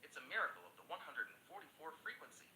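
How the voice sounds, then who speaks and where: A man's voice: big pitch swings, racing, sharp tone, exaggerated voice. An AI man's voice reading an elderly male joke character who rambles in earnest. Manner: spoken by an AI voice. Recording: echoey with faint rumble.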